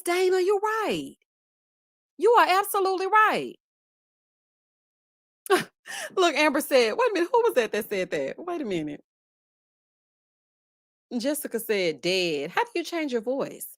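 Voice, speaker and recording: Sassy, animated Southern woman streamer. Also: high-pitched, measured pace, pauses often, no room sound, clean studio sound. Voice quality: lively, sassy, laughs loudly. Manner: animated, talks to viewers with honey and child. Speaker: host. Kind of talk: casual live-stream chat reading comments.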